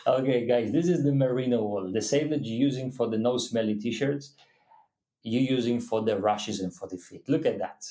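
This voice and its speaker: A man co-hosting a casual livestream, talking in halting, non-native phrasing with many restarts. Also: mid-range voice, warm tone. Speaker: co-host of a livestream. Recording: echoey room.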